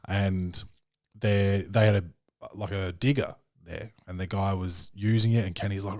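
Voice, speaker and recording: A young man with a lowish voice chats loosely and profanely on his own podcast, full of fillers and restarts. He acts out other people's lines with sudden high jumps. The sound is dry and close, with no room around it. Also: steady tone, measured pace, darkish tone, no echo. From Australia. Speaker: podcast host. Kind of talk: casual solo film review chat.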